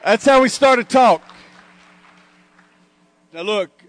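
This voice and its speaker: A man's voice: very high voice, animated, takes it slowly. A man speaking to a conference crowd in a punchy, joking, mocking way. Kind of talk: lively conference talk with audience call-and-response. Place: conference hall.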